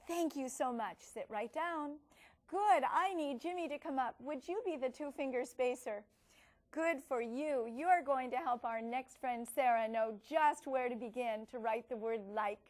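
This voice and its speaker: A woman explaining how to teach writing, modeling lessons with encouraging classroom praise and slowly stretched words. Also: high voice. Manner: slow, exaggerated stretching of words when modeling. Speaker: teacher trainer. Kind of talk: instructional demonstration.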